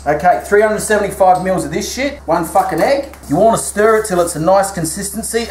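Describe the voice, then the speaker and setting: A man with an Australian accent hosting a crude comedic cooking show, brash and swearing constantly as he cooks in a home kitchen. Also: high voice. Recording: echoey room with faint noise.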